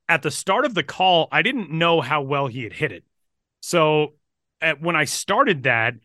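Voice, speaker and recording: A man, a baseball broadcaster, telling stories on a podcast in a casual, energetic way with some fillers. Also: a little high, no room sound, clean studio sound. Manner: energetic, animated retelling with fillers.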